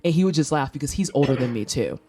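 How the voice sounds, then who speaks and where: This woman in her thirties has a rumbling low voice and talks fast over soft background music. As a streamer host, she casually spins animated, foul-mouthed stories, acting out quoted people in exaggerated voices.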